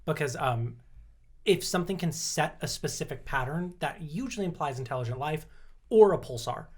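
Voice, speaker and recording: A man's voice: a little high, lively intonation, moderate pace. A man co-hosting a casual podcast, explaining at length, laughing often and swearing casually. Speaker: podcast co-host. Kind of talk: casual chat.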